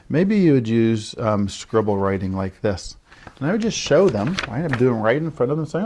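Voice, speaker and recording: With a mid-range, slightly mellow voice, a man speaks very animatedly at a normal speed. He's an early childhood literacy educator giving parents instructional talk on early writing, regularly checking in with "right?" and demonstrating his child-directed lines.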